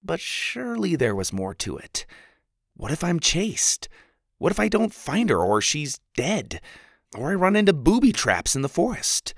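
A man narrating a storybook in the first person with an expressive delivery. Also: a little high, a little slow, no echo, clean studio sound. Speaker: audiobook narrator.

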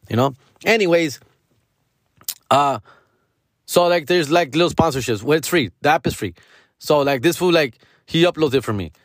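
A man's voice: a little high, no room sound, clean studio sound. Rambling, slangy man in his forties. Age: 40s. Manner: rambling, slangy, profane, peppers speech with "fool" and "dog". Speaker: podcast host. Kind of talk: casual monologue.

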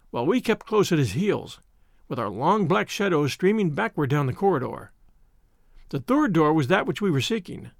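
A man narrating a story in an expressive, dramatic reading. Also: sits high, gravelly, dry recording, clean studio sound. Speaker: audiobook narrator. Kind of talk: scripted narration.

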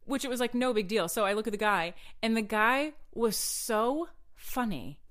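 A woman's voice: on the high side, normal speed. A woman co-hosting a podcast, telling a travel story in casual chat, laughing often and acting out the people in it. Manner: animated, laughing, acts out other people's voices. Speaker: podcast co-host.

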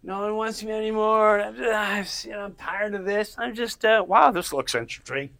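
A man's voice: sits high, moderate pace, gravelly, a bit bright, pitched above the performer's own voice. A sorry-for-himself male chimpanzee, done by a man in a comic story, whining in a voice pushed well above the man's own. He grumbles and sighs about being lonely and tired. The complaint sounds sulky and droopy. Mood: self-pitying. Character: mopey heartbroken male chimpanzee, self-pitying.

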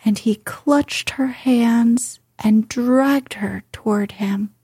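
Very slow, husky sleep-story woman. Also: mid-range voice, steady tone, no echo, clean studio sound. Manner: slow, soft and soothing, drifting into whispers. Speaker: podcast host and reader.

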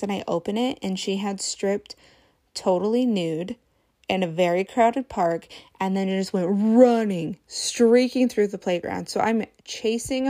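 A woman's voice: medium pitch, dark tone. A woman in her thirties hosting a podcast, telling funny stories in a casual, chatty, self-deprecating way. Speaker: podcast host.

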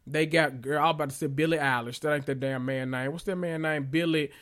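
A man's voice: fairly high pitch, steady tone, quick pace, a bit bright. A man hosting a casual reality TV recap vlog, sassy and gossipy, laughing often as he rambles.

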